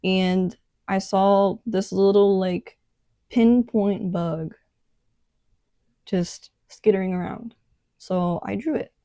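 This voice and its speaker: A young woman casually narrating a sketchbook tour, relaxed and rambling with many fillers. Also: medium pitch, takes it slowly, pauses often, no echo, studio quality. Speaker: artist vlogger.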